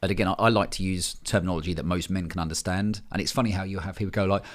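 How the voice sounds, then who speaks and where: A man's voice: deep voice, fairly even intonation, very fast. A man, talking bluntly and casually in a podcast conversation, swearing freely. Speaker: men's coach, podcast guest.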